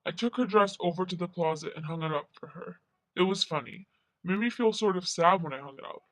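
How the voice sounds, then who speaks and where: Moody teen boy narrating, young guy voicing him, rambly, swears a lot, bright edgy tone, kinda high. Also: a little fast, no echo, poor audio. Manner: rambling, confessional, with casual cursing. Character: teenage boy, a gloomy, restless narrator. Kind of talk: voice-over narration.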